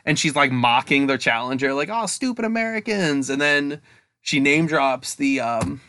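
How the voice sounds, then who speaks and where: Bright-voiced chatty man podcasting. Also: medium pitch, steady tone, a little slow. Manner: chatty, rambling, laughs often. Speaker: podcast co-host. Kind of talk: casual chat.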